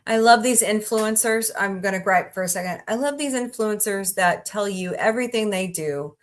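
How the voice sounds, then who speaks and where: A woman's voice: mid-range voice, moderate pace. A woman hosting a casual livestream, chatting, greeting viewers by name and rambling through asides. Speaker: livestream host.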